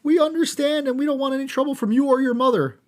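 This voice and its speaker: A man voicing a cheerful male frog puppet during a podcast, high and bouncy. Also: fast. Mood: alarmed. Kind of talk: podcast impression.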